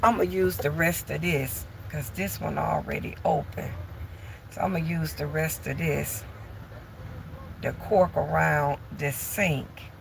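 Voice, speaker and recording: A woman's voice: deep voice, slow, gravelly, a little hiss or hum. A woman vlogger chatting bluntly and candidly to her viewers from home while doing chores. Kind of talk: casual chat to viewers.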